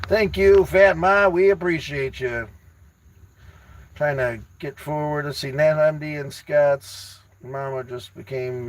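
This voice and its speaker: Excitable male streamer, slightly high voice, rambling motivational chat with viewers. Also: slow pace, slight background noise, low-quality recording. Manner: excitable, rambling, repeats words; addresses viewers by name, teasing. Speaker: livestream host reading chat. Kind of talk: casual motivational livestream chat.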